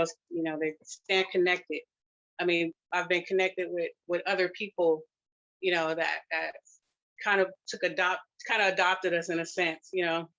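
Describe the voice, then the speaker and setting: A grandmother sharing a personal testimonial, emotional and close to tears, talking in a halting way with many fillers and restarts. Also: on the low side, a bit bright, dull audio. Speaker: grandmother sharing her family's experience.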